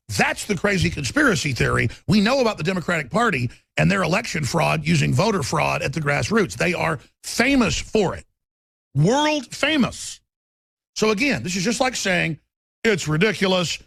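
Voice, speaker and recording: A man hosting a talk show, ranting forcefully and quickly with stammering restarts. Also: fairly high pitch, creaky, breathy edge, no room sound. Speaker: radio talk show host.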